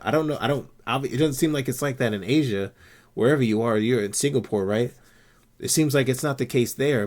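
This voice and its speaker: A man's voice: mid-range voice, darkish tone. Blunt swearing male streamer. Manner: blunt, swears a lot, gets worked up. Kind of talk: casual live-stream chat.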